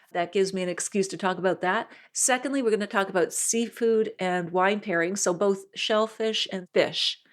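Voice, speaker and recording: A woman hosting a wine podcast in a chatty, enthusiastic solo monologue, laughing often. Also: medium pitch.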